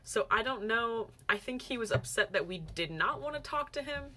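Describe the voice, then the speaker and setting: Young female vlogger, higher voice, animated storyteller who quotes friends in quick bursts. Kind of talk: casual storytelling to camera.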